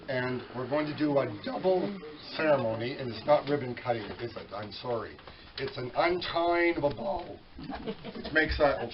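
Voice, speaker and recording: Background noise and a crowd fill this distant, dull recording of a library dedication ceremony. The master of ceremonies, a man with a weak, medium-pitched voice, makes folksy announcements and keeps correcting himself.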